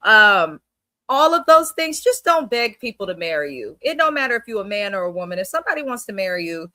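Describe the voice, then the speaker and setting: A woman co-hosting a casual reality TV recap, giving frank advice at a measured pace. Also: medium pitch, sing-song, sharp tone, dry recording. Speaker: podcast co-host.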